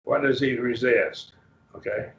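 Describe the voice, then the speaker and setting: Man teaching a Bible class, gravelly. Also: medium pitch, fairly even intonation, fairly bright tone. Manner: explains slowly, quizzing students, many restarts. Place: church classroom. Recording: roomy, muffled class recording.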